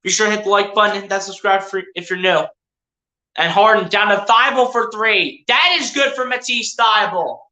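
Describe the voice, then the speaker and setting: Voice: mid-range voice, a little fast, sharp tone, roomy sound. A live streamer giving casual play-by-play commentary on a basketball game, chatting to the players and to viewers as the action goes. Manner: chatty, addresses players and viewers directly, self-correcting.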